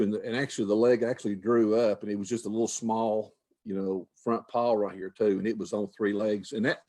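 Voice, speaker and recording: An older man, a retired wildlife manager, answering questions in a folksy, conversational way with frequent restarts. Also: on the low side. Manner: folksy, repeats words, restarts phrases.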